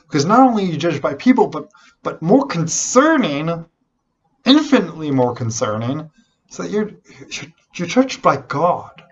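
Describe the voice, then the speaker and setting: A man preaching a sermon, animated and unhurried, often restarting his phrases. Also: a little high, breathy edge, highs cut off. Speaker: pastor.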